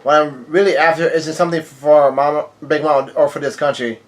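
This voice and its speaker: This manga reaction reader, a man with a slightly high voice, moves briskly through comic panels in a casual, offhand read. Character quotes come out flat, he trips on words and corrects himself, and every so often he interrupts to react in surprise.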